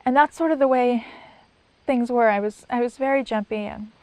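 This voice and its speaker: A middle-aged woman giving personal testimony in an interview, soft-spoken and halting, with many pauses and restarts, sometimes near a whisper. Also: fairly high pitch, dry recording. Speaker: sign language interpreter.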